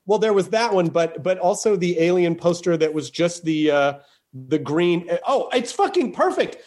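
A man hosting a podcast, rambling and riffing fast in casual chat, swearing freely. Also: high-pitched, sing-song, darkish tone. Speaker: podcast host.

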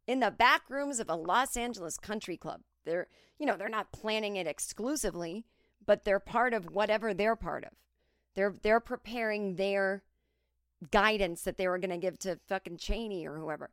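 A woman's voice: medium pitch, normal speed, no room sound. Woman, 40s, solo comic storyteller, chatty, close dry sound. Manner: chatty, animated impressions of others. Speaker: podcast host.

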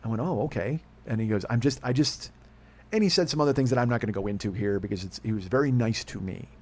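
A man's voice: on the low side, lively intonation, racing. A man hosting a podcast, telling a rambling, profane, self-deprecating story in casual chat. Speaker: podcast host.

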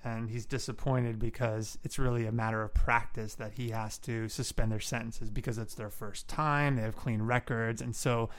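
A man's voice: mid-range voice, steady tone, moderate pace, hardly any pauses, fairly bright tone. A man co-hosting a podcast, chatting casually and explaining his reading of a novel at length, with restarts. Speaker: podcast co-host.

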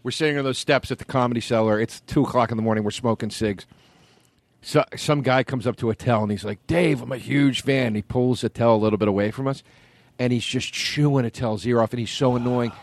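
A man's voice: mid-range voice, quick pace, no room sound. Man telling comedy-club stories. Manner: animated anecdote telling, laughs through stories. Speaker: comedian guest. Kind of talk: casual storytelling.

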